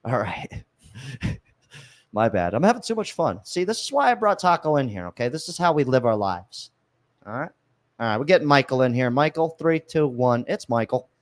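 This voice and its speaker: A male podcast host talking in a casual livestream chat, his pitch swinging widely as he rants. He swears freely and acts angry in fun. His voice sits at an average pitch for a man. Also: normal speed. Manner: animated, profane, mock-angry.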